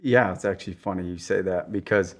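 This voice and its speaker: A lively man with a lowish voice, telling training stories on a podcast. He jumps into loud acted-out quotes and swears often, laughing as he goes. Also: a little fast. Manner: animated storyteller who acts out quotes in raised voices. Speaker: podcast guest, special ops veteran. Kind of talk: casual storytelling.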